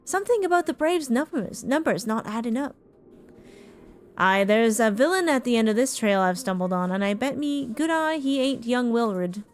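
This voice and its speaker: A woman voicing a gruff one-eyed male mercenary captain in a rough, pirate-style brogue while reading game dialogue aloud. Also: on the high side, lively intonation, normal speed, slight background noise, natural voice.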